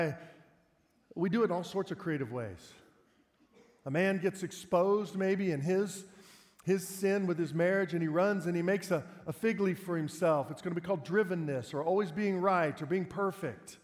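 A man's voice: fairly high pitch, a little mellow. A male pastor preaching a sermon in a conversational way, asking his listeners rhetorical questions. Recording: long hall reverb.

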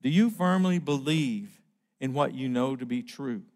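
A middle-aged man preaching a sermon, emphatic and slowing down on key phrases. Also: mid-range voice, darkish tone.

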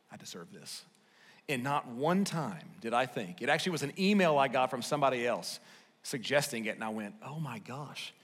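Pastor preaching in an echoing hall. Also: male voice, medium pitch, breathy edge. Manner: swings between loud emphatic lines and hushed quiet ones. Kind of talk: sermon. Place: church sanctuary.

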